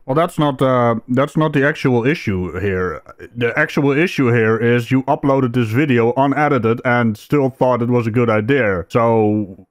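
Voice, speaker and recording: A man's voice: medium pitch, a little slow. A man with a Dutch accent giving sarcastic, mocking commentary over a video.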